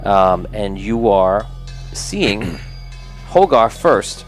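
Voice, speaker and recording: A man's voice: on the low side, big pitch swings, extremely slow, faint music behind. A man narrating as game master of a tabletop game in a casual, chatty way. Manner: casual, laughs often, chatty.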